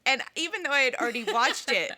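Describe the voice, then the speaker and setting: A woman co-hosting a podcast in casual chat, emotional and expressive, laughing often. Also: sits high, quick pace. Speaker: podcast co-host.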